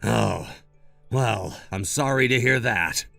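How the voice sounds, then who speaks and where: A man's voice: medium pitch, takes it slowly, creaky, dry recording, faint music behind, voice pushed down, heavily acted. Man voicing a selfish, demanding brother. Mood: upset. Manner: blunt and entitled, turns pleading and shouting.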